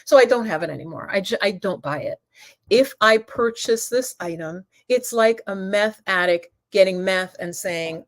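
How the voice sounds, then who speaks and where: A woman's voice: mid-range voice, normal speed. Chatty woman hosting a live stream. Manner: chatty, animated, laughs often, answers viewers by name. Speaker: yoga and mindfulness channel host. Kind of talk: casual livestream talk reading chat comments.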